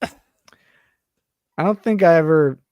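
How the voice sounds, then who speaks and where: A man's voice: a little high, very slow, no room sound, lo-fi sound. Blunt crude-joking podcast co-host, a man. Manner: blunt, crude jokes, swears freely. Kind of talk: casual chat.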